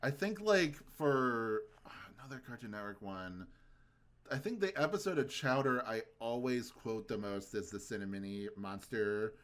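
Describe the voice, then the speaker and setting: A man's voice: mid-range voice, animated, normal speed, a bit bright. A young man co-hosting a cartoon podcast, chatting casually and sometimes quoting lines in silly voices. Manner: laid-back, quotes cartoon lines in funny voices. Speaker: podcast co-host. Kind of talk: casual chat.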